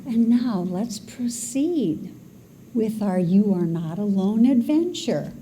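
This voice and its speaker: A woman minister giving a sermon with a dramatic, expressive delivery, leading her congregation in call and response. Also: medium pitch, slow pace, a little hiss or hum.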